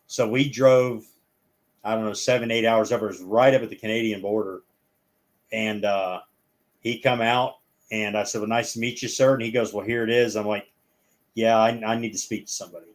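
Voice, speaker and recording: A man's voice: fairly low pitch, steady tone, brisk. Rambling man telling stories casually. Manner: rambling, acts out the people in his stories. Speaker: guest. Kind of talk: casual storytelling chat.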